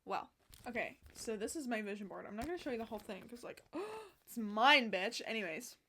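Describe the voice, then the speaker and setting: Bright-voiced sassy young woman vlogger. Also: fairly high pitch, a little fast, slightly rough. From Canada. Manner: excitable, swears a lot, sassy. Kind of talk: casual chat. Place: outdoors on a sunny day.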